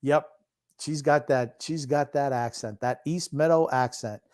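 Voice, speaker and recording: A man's voice: mid-range voice, unhurried, a little mellow. An older man co-hosting a sports podcast, grumpy and teasing in casual chat. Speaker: podcast co-host.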